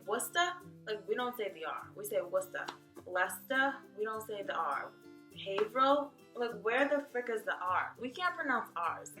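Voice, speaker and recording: A woman's voice: medium pitch, bright, forceful tone, roomy sound. A tired young woman, rambling sarcastically through a casual comedy vlog. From Boston, Massachusetts. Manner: sarcastic, rambling, heavy use of "like". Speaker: vlogger.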